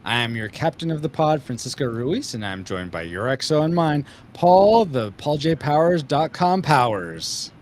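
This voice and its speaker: A man's voice: fairly high pitch, big pitch swings, normal speed, few pauses, a little hiss or hum. A man hosting a live podcast, leading an upbeat, joking casual chat with his co-hosts. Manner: upbeat, joking, leads the talk. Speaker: podcast host.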